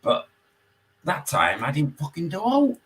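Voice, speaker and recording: A man with a Yorkshire accent, calling in and telling a story in casual chat, swearing constantly and animated. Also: fairly high pitch, a little slow, rough recording. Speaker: caller.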